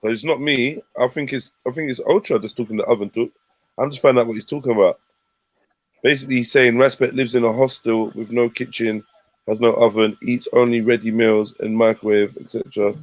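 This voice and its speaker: Lively South London man on a headset. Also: medium pitch, brisk. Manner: loud, animated banter, swearing. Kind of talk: casual livestream chat.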